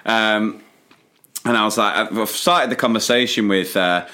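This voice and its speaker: A man's voice: fairly low pitch, fairly even intonation, a little slow, pushed and bright. Easygoing man co-hosting with laughs. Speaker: podcast co-host. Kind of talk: casual chat.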